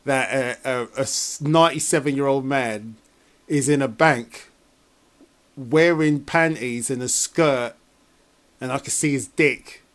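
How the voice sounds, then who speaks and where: A man's voice: mid-range voice, a little slow. A man doing a casual trailer reaction in a rambling, sarcastic, exasperated way.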